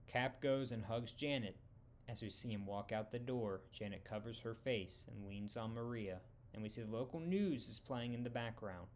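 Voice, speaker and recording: A young man reading out a fan-made story in a plain, even casual narration. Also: medium pitch, normal speed, slight background noise.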